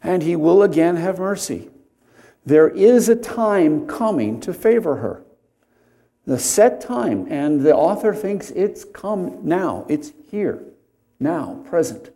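A man preaching an expository sermon, deliberate and conversational, pausing to stress key words and drifting into homely asides. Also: a little high, big pitch swings, dark tone.

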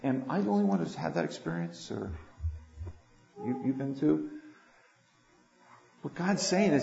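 An older man preaching a sermon, swinging between loud emphatic lines and quiet asides. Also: fairly high pitch, sing-song, a little slow, gravelly, long pauses. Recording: echoey room, dull lo-fi sound.

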